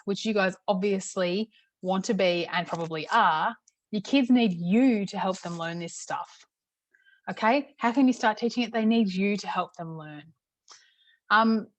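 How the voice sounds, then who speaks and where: A woman's voice: mid-range voice, dry recording. Chatty woman parenting coach, dry sound. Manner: chatty, repeats "okay" often. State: slightly hoarse throat. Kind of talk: casual talk-to-camera teaching.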